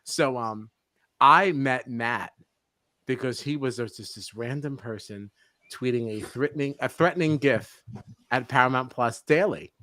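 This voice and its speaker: Bright-voiced chatty male podcast host. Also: medium pitch, measured pace, no room sound. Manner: animated, laughing storyteller. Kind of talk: casual chat.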